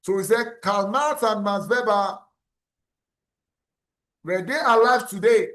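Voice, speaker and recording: Speaking somewhat slowly with a fairly bright tone, a male university lecturer with a high-set voice for a man addresses his class. He builds concepts gradually, restating terminology and pausing to ask if everyone is following.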